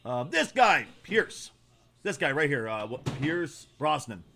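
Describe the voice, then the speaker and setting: A man's voice: fairly high pitch, sing-song, takes it slowly, gravelly, bright, forceful tone, slight background noise. A man hosting a casual livestream, reacting bluntly with lots of swearing and often trailing off while he searches for names. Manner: blunt, profane, opinionated. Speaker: livestream host.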